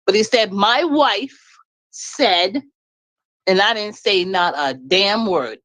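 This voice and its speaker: A woman's voice: medium pitch, takes it slowly, no room sound, rough recording. A middle-aged woman speaks in casual, blunt bursts, and her voice climbs and falls widely as she talks. The sound is dry and close, with no room behind it. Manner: animated, blunt venting with laughs. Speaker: live stream guest. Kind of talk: casual chat. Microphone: live stream call.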